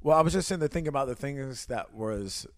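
A man's voice: medium pitch, expressive, a little fast, no echo. Defensive joking man podcast co-host. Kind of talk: casual chat.

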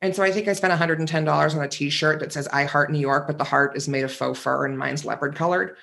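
A man's voice: on the high side, fairly even intonation, fast talker, vocal fry, bright, forceful tone. A man co-hosting a podcast in casual chat, campy, witty and opinionated. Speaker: podcast co-host.

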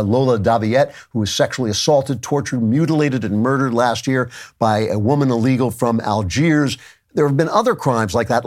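Emphatic man delivering opinionated commentary. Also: mid-range voice. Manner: opinionated, emphatic, with asides and restarts. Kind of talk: monologue commentary.

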